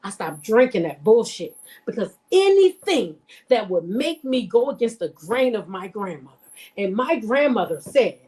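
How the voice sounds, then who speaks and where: Talking straight to her audience, a woman reacting to reality TV shares stories and blunt, profane, emphatic commentary. Her mid-range voice is animated and a little mellow, and she keeps a moderate pace.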